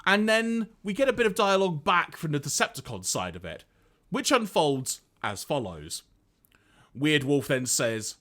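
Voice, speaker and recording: Lively male podcast co-host. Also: fairly high pitch, normal speed. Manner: animated storyteller, reads out lines, laughs often. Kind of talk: casual podcast recap.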